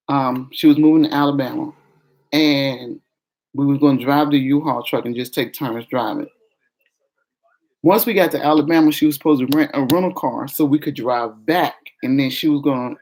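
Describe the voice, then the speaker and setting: Animated woman telling a story. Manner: animated, acts out quoted voices with raised pitch. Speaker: vlogger. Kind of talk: casual storytelling to viewers.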